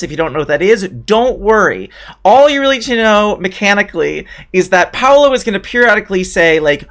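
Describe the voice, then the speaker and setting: A woman explaining a live tabletop game to viewers in casual chat, rambling and lively, often cutting herself off. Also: medium pitch. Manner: rambling, lively, self-interrupting. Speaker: player and stream organizer.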